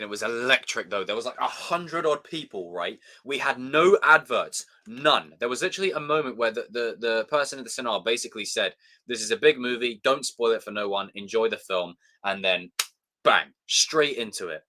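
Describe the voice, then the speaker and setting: A man chatting casually on a live stream, excitable and swearing freely as he talks to his chat. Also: lowish voice.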